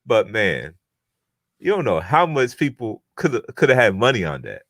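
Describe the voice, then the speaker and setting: A young man with a low voice joins a podcast over a remote call, brash and boastful. He talks in quick bursts and repeats his words. The sound is dry, with no room echo. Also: huge pitch swings, fairly bright tone. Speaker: podcast co-host. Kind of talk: casual chat. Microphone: remote call microphone.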